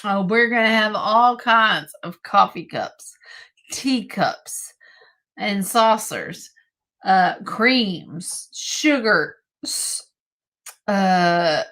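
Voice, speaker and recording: Slow-talking woman hosting a live sale. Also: medium pitch, expressive, fairly bright tone.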